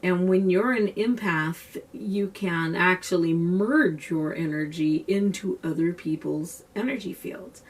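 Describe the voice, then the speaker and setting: Husky low-voiced woman, set back from the mic. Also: slow pace, hardly any pauses, distant mic. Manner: earnest, conversational, loose with restarts. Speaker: self-described empath teaching a technique. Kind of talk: casual explanatory talk to camera.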